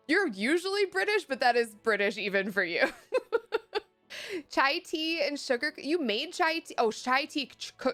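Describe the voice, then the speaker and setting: Chatty young woman streamer, reads chat and laughs easily, higher voice, faint background music. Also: sharp tone. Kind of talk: casual live-stream chat.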